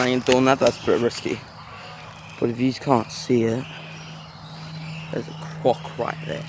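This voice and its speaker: A vlogger walks around an outdoor zoo, talking casually to a handheld phone camera in a medium-pitched voice with background noise. He rambles in a self-aware way, using lots of filler words.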